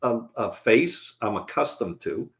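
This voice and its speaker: A man's voice: mid-range voice, lively intonation, a little slow. A man as a guest in casual conversation, telling self-deprecating anecdotes.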